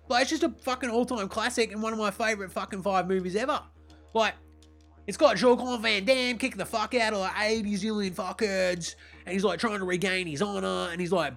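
A brash young Australian basketball player, as a man puts him on, with a strikingly high-pitched voice and an Australian accent. He rambles and swears nonstop in a defensive comedy monologue. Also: fairly bright tone. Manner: foul-mouthed, rambling, defensive. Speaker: comedy character.

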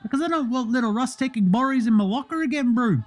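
A man's voice: extremely high pitch, expressive, fast, pitched above the performer's own voice. A man impersonating a playful young male basketball star with a New Zealand accent, ending every sentence with "eh, bro". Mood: cheeky. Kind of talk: comedic impression monologue.

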